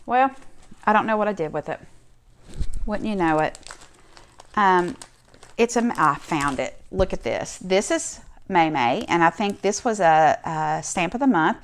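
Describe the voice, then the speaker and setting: Casual crafting vlogger, woman, middle-aged, lowish voice, chatty and enthusiastic. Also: animated, unhurried. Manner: chatty and enthusiastic, gushing over her cards. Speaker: crafting channel host. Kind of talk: casual show-and-tell vlog.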